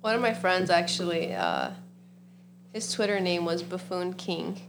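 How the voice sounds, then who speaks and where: A woman's voice: on the low side, wildly swooping pitch, unhurried, creaky, a little hiss or hum. A young adult woman co-hosting a podcast, chatty and laughing often as she tells a story. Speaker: podcast co-host. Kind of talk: casual chat.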